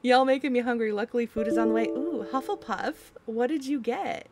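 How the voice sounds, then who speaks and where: A woman's voice: fairly high pitch, a little fast, darkish tone, a little hiss or hum. A young woman streamer, reading chat aloud and giggling in casual talk.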